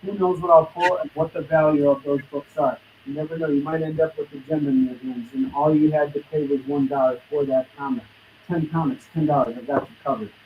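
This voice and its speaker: Hyped man pitching comics on a live stream. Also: steady tone, brisk, slight background noise. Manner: hyped, hustling salesman patter. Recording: distant dull lo-fi stream audio.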